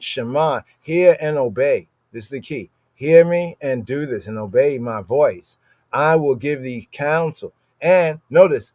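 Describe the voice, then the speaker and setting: A man on a podcast teaching a Bible passage in a casual, conversational way. He checks in with "right?" after almost every phrase and slows down when he reads the verses aloud. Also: fairly high pitch, a little mellow, no echo, muffled recording. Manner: conversational, frequent "right?" tag questions.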